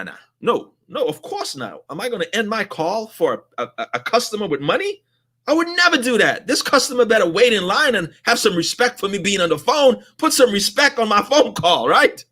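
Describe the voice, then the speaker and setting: A man's voice: sits high, bright, forceful tone. A middle-aged man who teaches customer service, telling a story in an exasperated, emphatic way with laughter. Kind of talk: animated storytelling lesson.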